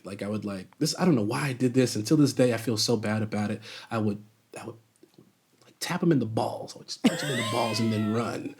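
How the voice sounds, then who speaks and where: A man from Chicago tells stories as an interview guest. His voice sits at a middle pitch, his manner is animated, and he breaks into laughter often as he trips over his restarts. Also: a little hiss or hum. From Chicago, USA. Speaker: guest actor. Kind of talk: casual storytelling in an interview.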